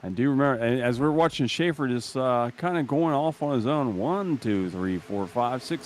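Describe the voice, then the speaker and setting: A man's voice: medium pitch, moderate pace, hardly any pauses, noisy background. A man calling an online race in a casual, matter-of-fact way, reading out positions and laps. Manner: relaxed, calls positions and laps matter-of-factly. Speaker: race commentator. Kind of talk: casual play-by-play commentary.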